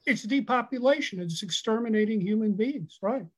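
High-voiced man, halting and emphatic. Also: rough recording. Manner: halting, many fillers, emphatic. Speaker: guest expert, doctor. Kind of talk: interview answers over a call.

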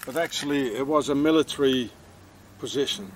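A man's voice: mid-range voice, moderate pace, slight background noise. A man rambling on a walk-and-talk travel vlog outdoors in a town, with many fillers and restarts. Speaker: travel vlogger.

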